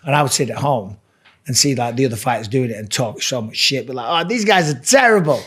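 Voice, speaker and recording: A man's voice: mid-range voice, fairly even intonation, quick pace, a bit bright, husky. A middle-aged English man with an English accent, a guest chatting casually and swearing freely as he tells stories. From England. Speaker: guest, former fighter and commentator. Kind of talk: casual chat.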